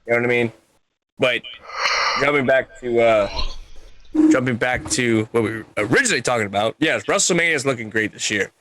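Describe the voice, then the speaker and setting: A man co-hosting a podcast, chatting casually about wrestling in an emphatic, animated way and swearing freely. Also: medium pitch, brisk, long pauses, slight background noise. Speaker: podcast co-host.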